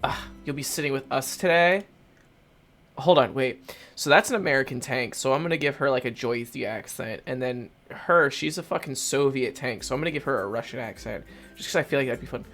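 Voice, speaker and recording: A man's voice: medium pitch, fairly quick, fairly bright tone, soft background music. A man giving casual let's play commentary, rambling, swearing and mocking himself as he reads through a game. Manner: rambling, profane, self-mocking. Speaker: gaming video host.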